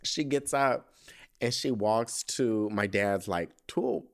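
A man talking through a solo podcast in loose, slangy, profane chat. His pitch sits mid-range, yet he swoops up high for excited asides and laughs often, leaning hard into each story. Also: takes it slowly, vocal fry. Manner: animated storytelling, jumping into high excited quoting, frequent laughter; casual slangy speech with profanity. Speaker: podcast host.

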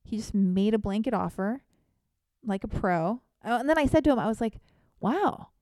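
A woman telling a funny personal story in an animated, self-deprecating, theatrical way. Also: mid-range voice, brisk, dry recording, studio quality. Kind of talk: comedic storytelling monologue.

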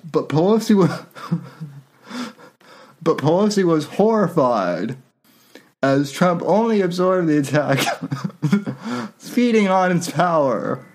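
A man's voice: on the high side, animated, slow, long pauses, a little mellow. A man hosting a podcast, reading satire aloud in casual commentary and often breaking into laughter. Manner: laughs while reading, loose and irreverent; frequent fillers and restarts. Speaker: podcast host.

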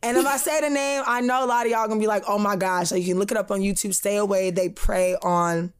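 Animated young woman telling stories. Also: mid-range voice, fast, clear, resonant tone. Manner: animated storytelling, acts out quoted voices, frequent laughs. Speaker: podcast co-host. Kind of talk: casual chat.

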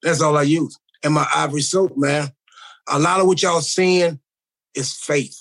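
A middle-aged man chats as a podcast guest, his voice set fairly high. He rambles in a slangy, earnest way. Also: fairly even intonation, moderate pace, a bit bright. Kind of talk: casual chat.

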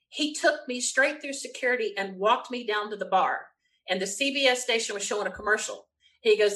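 A woman with a Southern US accent, a guest telling an animated story, laughing often and acting out what people said. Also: mid-range voice, a little fast. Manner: lively, frequent laughs, acts out quotes.

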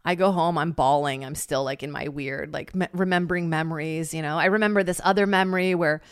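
A woman telling a long story in casual chat, animated and swearing freely, with lots of "like" and loudly acted-out quotes. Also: low-pitched, a little fast, clear, resonant tone, no room sound, clean studio sound. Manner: heavy use of filler "like".

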